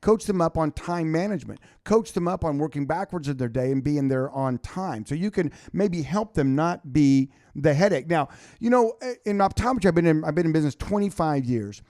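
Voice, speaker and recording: A middle-aged man co-hosting a talk show in an animated, storytelling way. His voice sits a bit high, and he slips into little acted quotes. The recording is dry and close. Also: brisk, few pauses, no room sound. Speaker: co-host, business coach. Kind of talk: casual radio talk show. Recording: dry studio sound.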